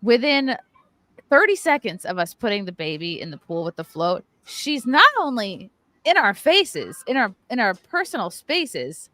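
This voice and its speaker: A woman's voice: fairly high pitch, very animated, unhurried, fairly bright tone, no room sound. A woman hosting a podcast, telling a story in casual chat with plenty of swearing and mocking put-on voices. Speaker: podcast host.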